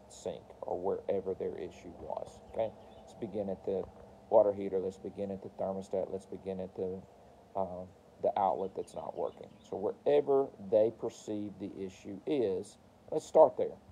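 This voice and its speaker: A man's voice: low-pitched, normal speed, dark tone, slight background noise, low-quality recording. A man coaching service technicians in a casual training talk, repeating key phrases and acting out customer conversations. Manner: repeats phrases, role-plays customer dialogue.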